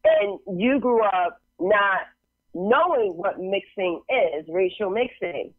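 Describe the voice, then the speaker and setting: A talk-show co-host in casual chat, reacting with quick interjections and then riffing on the topic. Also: medium pitch, sing-song. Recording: tinny phone-like sound.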